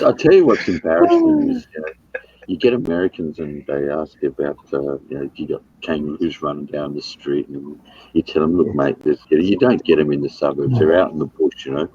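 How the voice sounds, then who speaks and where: A man's voice: very deep voice, dark tone, slightly rough, no echo, highs cut off. An Australian man chatting casually, blunt and rambling, swearing freely. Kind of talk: casual chat.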